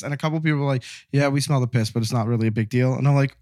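A man in his thirties, a caller, telling a workplace story in a casual, animated way, acting out his coworkers' lines. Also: medium pitch, very fast, hardly any pauses, no room sound, studio quality. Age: 30s.

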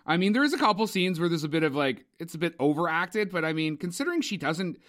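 A young man with a somewhat high voice co-hosts a film podcast. He talks in an opinionated, profane, rambling way, with plenty of asides and strong verdicts. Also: sing-song, fast talker, a bit bright. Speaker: podcast co-host, film reviewer. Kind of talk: casual movie review chat.

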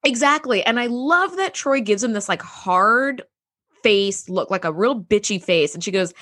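A woman's voice: medium pitch, lively intonation, normal speed, a bit bright. A woman co-hosting a podcast, chatting casually about a TV episode, laughing often and acting out the characters' lines. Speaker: podcast co-host. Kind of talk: casual chat recapping a TV episode.

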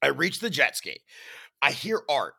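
A man telling a first-person story as a podcast host, animated and acting out his own shouts and sound effects. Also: medium pitch, measured pace, vocal fry.

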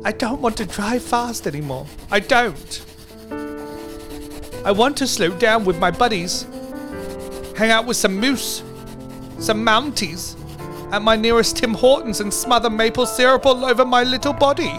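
A man's voice: very high-pitched, unhurried, long pauses. A man voicing a whiny young racing driver who pleads in a letter for his father's love, over a music bed. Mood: pleading. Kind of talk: comedy letter reading.

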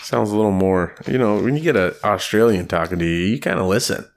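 A man's voice: lowish voice, expressive, quick pace, vocal fry. A man co-hosting a podcast in casual chat, laid-back with short replies. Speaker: podcast co-host.

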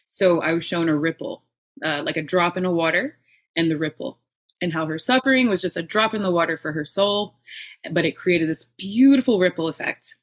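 A middle-aged woman, a podcast guest, telling her own story in a candid, animated way with bursts of laughter. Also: lowish voice, fairly quick. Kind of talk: personal storytelling in an interview.

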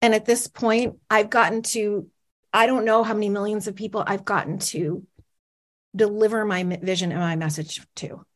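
A woman's voice: mid-range voice, steady tone, moderate pace. A woman in her forties, a motivational speaker, telling a personal story on stage with dramatic pacing and questions to the audience.

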